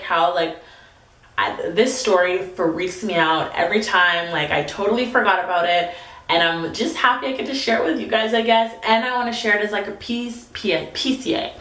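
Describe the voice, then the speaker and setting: A woman in her twenties telling a storytime vlog, chatty and full of "like", reading texts aloud in quick bursts. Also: medium pitch, fairly bright tone, reverberant. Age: 20s. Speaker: vlogger.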